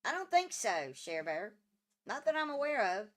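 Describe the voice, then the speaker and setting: A woman's voice: high-pitched, very animated, a little fast, fairly bright tone. A woman hosting a casual livestream, teasing and laughing with her viewers by name. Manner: teasing, drawling, laughs often. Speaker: channel host.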